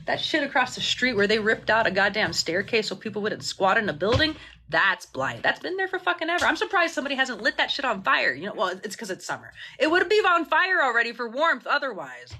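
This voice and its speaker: A woman with a bright, sharp, slightly high voice speaks into her phone on a livestream. She is an impassioned mutual aid organizer who swears freely and rambles, breaking off and restarting her sentences as she goes. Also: big pitch swings, a little fast. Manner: passionate, indignant, swears freely. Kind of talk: livestream Q&A rant.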